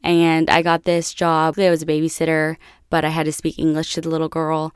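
A woman's voice: deep voice, completely flat delivery, brisk, clear, resonant tone, dry recording, clean studio sound. A young woman from the United States telling a personal story to her viewers in a chatty, casual way, full of "like". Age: young adult. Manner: chatty, lots of "like" and laughs. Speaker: vlogger.

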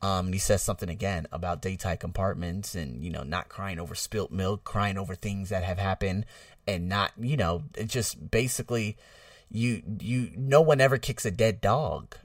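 A man talking casually to his viewers in a vlog. He jokes, swears freely and swings between loud bursts and quiet asides. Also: sits low, moderate pace, no echo, distant mic. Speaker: vlogger.

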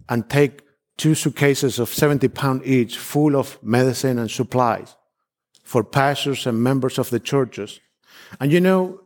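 A man's voice: medium pitch, darkish tone. Fervent man preaching with an Argentine background. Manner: fervent, repetitive, emphatic declarations; frequent restarts, non-native phrasing. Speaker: visiting missionary preacher. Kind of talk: sermon with personal testimony.

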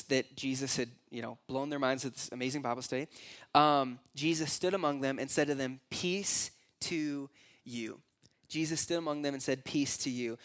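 A man's voice: a little high, a bit bright. A young adult man preaching a conversational, earnest sermon as pastor, sometimes acting out voices in his stories.

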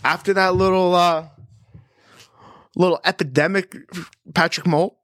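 A man hosting a sports betting podcast in a chatty, animated way, rattling off stats and odds. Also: on the high side, moderate pace, no echo, clean studio sound. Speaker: host.

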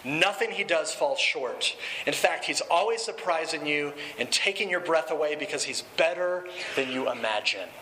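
A middle-aged man preaching a sermon, emphatic, slowing down and dropping low to land his key points. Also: animated, sharp tone, a little hiss or hum, low-quality recording. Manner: emphatic, slows down and drops pitch for key points. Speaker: pastor.

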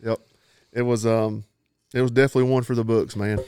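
A man from talks quickly and easily on a podcast, with a laid-back, joking manner. His voice is smooth and clear, and the sound is dry and close. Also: mid-range voice, little pitch movement, a little mellow, dry recording. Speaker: podcast co-host back from a hunting trip. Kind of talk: casual chat. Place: home podcast studio.

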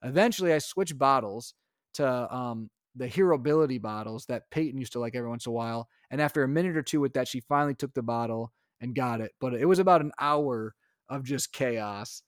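A young adult man co-hosting a casual podcast, recounting a chaotic day with animated storytelling. His voice sits at a middle pitch and is recorded dry and close, with no room sound. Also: fairly quick, no echo. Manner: animated storytelling, acts out his own lines. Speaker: podcast co-host, father. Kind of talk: casual chat.

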